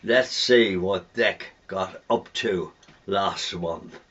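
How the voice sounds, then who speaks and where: An older man hosting his own show in a chatty, relaxed way. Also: deep voice, drawn-out words, breathy edge, dull audio. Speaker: host. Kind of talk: casual chat.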